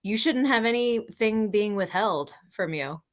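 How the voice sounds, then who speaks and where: A woman co-hosting a casual talk show, earnest and animated as she tells her story. Her voice sits at an ordinary middle pitch for a woman. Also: unhurried. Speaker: co-host. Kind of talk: casual podcast chat.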